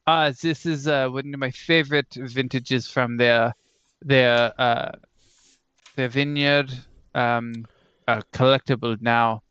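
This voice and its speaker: A man voicing a smooth, sinister male tower patron who sips wine, speaking with a halting put-on accent. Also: mid-range voice, fairly even intonation, a bit bright, no echo, dull audio. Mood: scheming.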